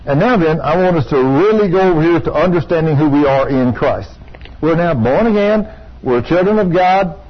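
Older preacher, husky, storytelling sermon with excited praise, dull recording. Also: male voice, a little high, normal speed. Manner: storytelling, rising to excited exclamations. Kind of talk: sermon with testimony. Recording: dull lo-fi sound.

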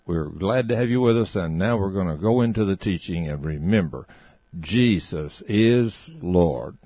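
Low-voiced man opening a ministry program. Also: brisk, no room sound, dull audio. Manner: steady, welcoming announcer. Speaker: host of a ministry broadcast. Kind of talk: program introduction.

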